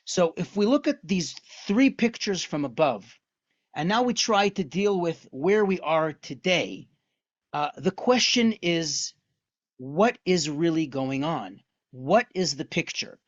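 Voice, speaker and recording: A man teaches an online lesson and tells its story with animated energy and frequent rhetorical questions. The recording sounds dull and lo-fi. The room is dry, with no echo. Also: on the high side, slow. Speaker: lecturer on Jewish texts.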